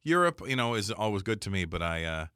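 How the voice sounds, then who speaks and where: Fast-talking deep-voiced Canadian man. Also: sing-song, sharp tone, clear, resonant tone, dry recording, studio quality. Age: 40s. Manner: quick, joking, self-deprecating storyteller. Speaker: comedian guest. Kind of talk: casual interview chat.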